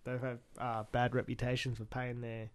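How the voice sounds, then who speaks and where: A man's voice: mid-range voice, monotone, normal speed, clear, resonant tone. A young man co-hosting a podcast in casual chat, rambling with hesitations. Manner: rambling, laughs along, hesitant fillers. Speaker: podcast co-host.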